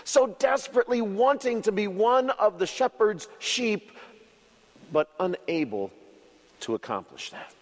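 A man preaching a children's sermon as an expressive storyteller who uses dramatic pauses. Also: high voice, long reverb tail. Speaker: pastor.

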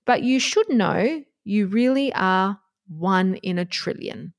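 A woman's voice: medium pitch, animated, takes it slowly. A woman talking bluntly and passionately as she gives relationship advice, swearing freely along the way. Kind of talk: casual advice monologue.

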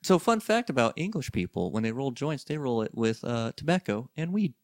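A man co-hosting a podcast in easygoing, foul-mouthed banter. His voice jumps around lively in pitch and is recorded dry and close. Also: brisk, no room sound. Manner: joking, profane banter. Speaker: podcast co-host. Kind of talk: casual chat.

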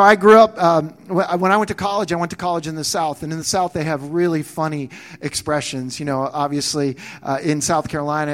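A male pastor preaching a sermon, animated, acting out quoted voices and restarting his phrases often. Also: sits high.

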